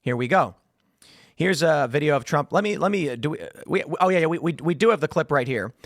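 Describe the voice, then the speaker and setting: A man hosts a political commentary show in a high, very lively voice that swings up and down. He riffs with sarcastic asides. The sound is close and dry. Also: fast talker, no room sound. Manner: animated, sarcastic, riffing asides. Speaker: host.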